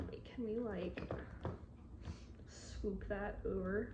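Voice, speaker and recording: A woman talking casually to her viewers during an unboxing, bubbling over with excitement and gasping at every new find. Her voice sits at an ordinary middle pitch. A clear hiss of noise runs under the home recording. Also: moderate pace. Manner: gushing, excitable, many gasps and "oh my gosh". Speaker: model horse customizer. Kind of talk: casual unboxing chat to camera.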